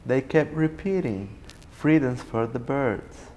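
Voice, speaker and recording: An actor playing Moses, a weary adult leader, narrating in a stage musical in a measured storytelling way. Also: male voice, medium pitch, a little mellow, lightly acted. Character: weary adult male Moses leading grumbling people. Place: concert hall. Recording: hall reverb.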